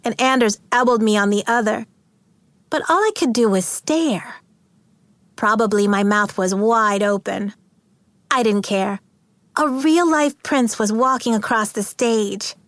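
A woman narrating a first-person novel in an animated, wide-eyed reading voice. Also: a little high, no echo. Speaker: audiobook narrator.

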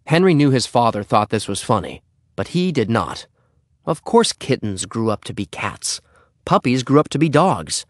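A man reading a children's storybook aloud as narrator, in an expressive, animated way. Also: mid-range voice, moderate pace, no room sound, studio quality.

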